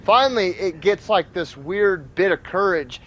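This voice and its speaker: A man hosting a gaming video, telling a story in a casual, animated, profane way and acting out sound effects. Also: high-pitched, a little slow, a little hiss or hum. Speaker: gaming channel host. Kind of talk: casual storytelling over gameplay.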